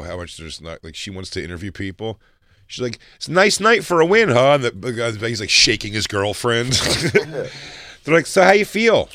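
A man's voice: low voice, bright, forceful tone, no echo. A man co-hosting a podcast who adds wry, joking commentary. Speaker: podcast co-host. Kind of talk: casual podcast banter.

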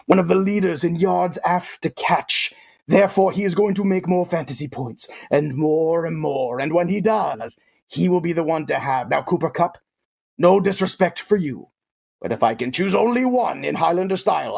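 A towering alien warlord voiced by a man with a deep, gritty rasp and a breathy, husky edge. He is smug and grandiose, pompous in every phrase, and talks about himself in the third person while making comic sports picks. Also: darkish tone, full character voice. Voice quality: gravelly, husky.

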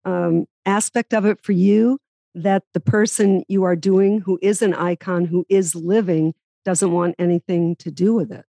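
A woman's voice: on the low side, steady tone, measured pace, mellow, dry recording. A woman with a Boston accent interviewing a guest, asking direct and probing questions in casual chat.

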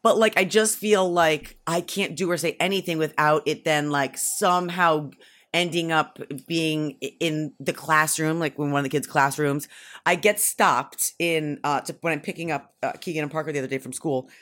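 Woman, radio co-host, casual banter, animated, slightly low pitch. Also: normal speed. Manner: animated, exclamatory, storytelling.

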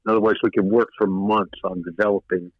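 Older male producer guest, low pitch, meandering anecdotes, muffled lo-fi broadcast. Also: steady tone, quick pace, dry recording. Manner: rambling, many fillers and restarts. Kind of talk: casual interview storytelling. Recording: dull lo-fi radio sound.

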